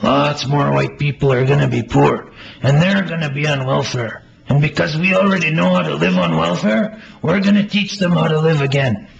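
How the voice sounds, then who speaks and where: A man's voice: a little high, animated, normal speed, gravelly, voice pushed up. A man reading as an eager, boastful grown man. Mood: lecturing. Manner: eager, insistent, lecturing a friend. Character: excited grown man boasting about his people. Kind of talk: author reading his own play aloud. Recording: slightly muffled with faint hiss.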